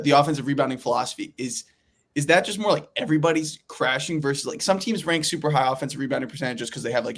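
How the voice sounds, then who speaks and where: A man's voice: medium pitch, a bit bright. A man co-hosting a casual basketball podcast, asking long, rambling questions full of fillers. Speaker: podcast co-host.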